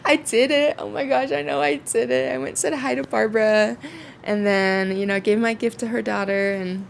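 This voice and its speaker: Chatty young woman with a gravelly edge. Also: mid-range voice, normal speed, slight background noise. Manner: chatty, swearing freely, lots of fillers. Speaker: vlogger. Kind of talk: casual storytime.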